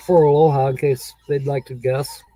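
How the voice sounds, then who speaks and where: A man's voice: mid-range voice, a little slow, a little mellow, no room sound, rough recording. A man hosting a casual livestream, chatting easygoingly with viewers and rambling with frequent chuckles. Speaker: livestream host. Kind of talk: casual livestream chat reading viewer comments.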